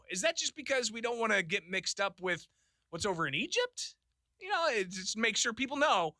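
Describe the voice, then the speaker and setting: A man's voice: high voice, big pitch swings, fairly quick, sharp tone, no room sound, studio quality. A man hosting a call-in radio talk show, chatty and laughing often, with lots of fillers. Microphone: studio microphone.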